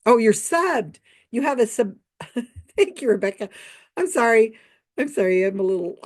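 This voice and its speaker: A woman's voice: fairly high pitch, lively intonation, moderate pace, a little mellow. A woman hosting a livestream, chatting skeptically and casually, laughing often as she reads out viewer comments. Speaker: host of a livestream commentary show.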